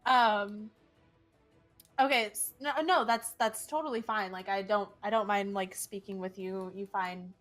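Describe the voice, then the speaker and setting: A woman taking part in a tabletop game, speaking very slowly and hesitantly, hedging with ums and polite apologies. Soft music hums behind her. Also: mid-range voice, fairly even intonation. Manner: hesitant, polite, many fillers. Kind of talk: playing a character in a tabletop game.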